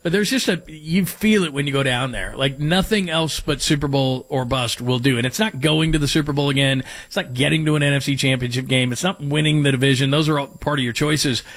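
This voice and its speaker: Male sports talk host, light voice, mid pitch, rambling and jokey, dry close sound. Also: fairly quick, few pauses, a bit bright, dry recording. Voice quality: light, higher voice. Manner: rambling, jokey, reads listener texts.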